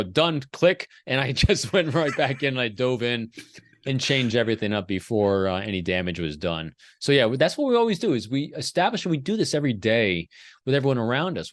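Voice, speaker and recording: A man's voice: mid-range voice, no echo, studio quality. A middle-aged man telling stories as a podcast guest from his home office, acting out quotes as he explains. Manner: animated storyteller, acts out quotes. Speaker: podcast guest, behavior expert. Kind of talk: conversational storytelling interview.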